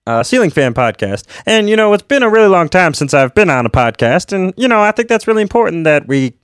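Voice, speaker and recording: A man voicing a flustered, rambling male podcast guest who stammers and fills pauses. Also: sits high, very animated, clean tone, dry recording, clean studio sound, pitched above the performer's own voice. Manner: hesitant, stammering, many fillers.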